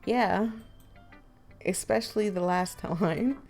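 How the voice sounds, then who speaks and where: A woman's voice: takes it slowly, vocal fry, faint music behind. A woman doing a dry, awkward teen boy. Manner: lowered, dry and flat. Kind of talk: voice acting a visual novel.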